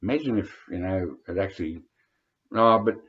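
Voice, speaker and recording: A man's voice: low-pitched, normal speed. Older Australian man rambling through old stories. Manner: hesitant, many fillers and restarts. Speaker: vlogger reminiscing. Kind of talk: rambling anecdotal storytelling. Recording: dull lo-fi recording.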